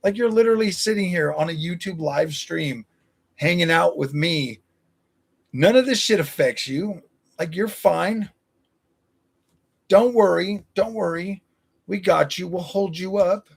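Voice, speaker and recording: Gravelly, combative man in his forties. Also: sits high, measured pace. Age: 40s. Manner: blunt, combative, profane banter. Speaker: streamer. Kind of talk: live stream chat, answering viewers.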